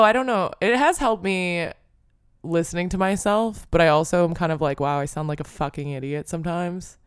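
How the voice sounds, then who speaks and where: Smooth-voiced young woman rambling casually. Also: lowish voice, dry recording, clean studio sound. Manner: rambling and self-deprecating, heavy use of "like", casual cursing. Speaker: podcast host. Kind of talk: casual solo podcast monologue.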